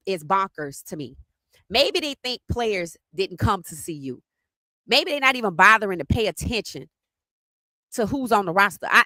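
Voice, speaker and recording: A woman hosts a live sports podcast stream. Her voice is bright and forceful. She sounds animated and teasing, and the recording is dry and close. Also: mid-range voice, dry recording. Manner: animated, teasing, greets chat viewers by name.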